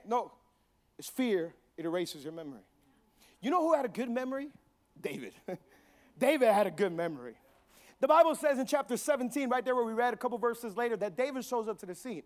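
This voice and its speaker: A man pastor preaching a sermon, building to loud repeated refrains and acting out quick quoted voices. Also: very high-pitched, big pitch swings. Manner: preaching with rising volume, repeated call-and-response phrases.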